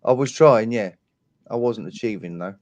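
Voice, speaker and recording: A man's voice: on the low side, moderate pace, a little mellow, no echo, highs cut off. A man from England, chatting on a video call, joking and reading out viewer comments. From southern England. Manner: jokey, wry, reads out viewer comments. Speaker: guest on an online chat show. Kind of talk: casual chat and joke telling.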